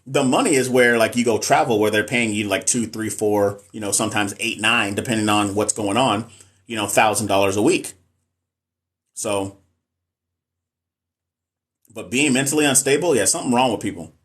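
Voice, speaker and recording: A man's voice: fairly low pitch, moderate pace, long pauses, fairly bright tone. A middle-aged man, a nurse and NCLEX coach, chatting casually on a live stream and answering viewer comments in a frank, emphatic way.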